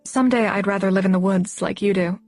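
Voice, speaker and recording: A woman's voice: medium pitch, steady tone, fast talker, a little mellow, dry recording, natural voice. A woman narrator voicing a reserved young woman in an audiobook, practical and dry. The delivery stays near an everyday speaking voice, close and dry. Faint music sits underneath. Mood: earnest.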